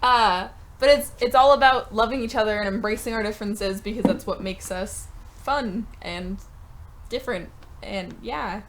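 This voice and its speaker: A woman's voice: medium pitch, normal speed. A woman co-hosting a podcast, speaking earnestly and rambling in casual chat. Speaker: podcast co-host. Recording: faint background noise.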